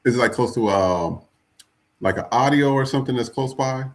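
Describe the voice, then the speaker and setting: A man's voice: medium pitch, normal speed. A man hosting a podcast in a loose, chatty way, full of fillers. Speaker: podcast host. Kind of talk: casual chat.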